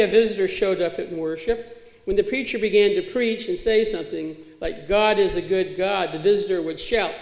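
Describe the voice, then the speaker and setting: A man's voice: high-pitched, vocal fry, a little mellow. A man preaching a sermon as pastor, in a plain conversational way with occasional fillers, recorded in a church sanctuary. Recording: echoey church hall.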